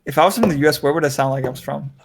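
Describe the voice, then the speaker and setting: Rambling young-sounding man, slightly high voice. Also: rapid-fire, vocal fry, breathy edge. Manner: rambling, heavy use of "like" and "right?". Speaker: podcast host. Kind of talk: casual chat. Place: lives in Korea.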